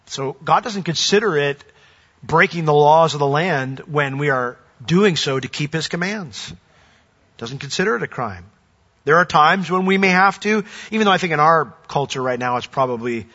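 Male pastor, bright ringing voice, earnest sermon delivery, dull lo-fi sound. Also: a little high. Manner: earnest preaching, rising to emphatic declarations.

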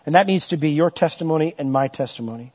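A man's voice: quick pace, darkish tone, muffled recording. A middle-aged man preaching as a pastor, asking the congregation questions and lifting his voice for emphasis. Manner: asks the congregation questions, rises in pitch and volume for emphasis. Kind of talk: sermon.

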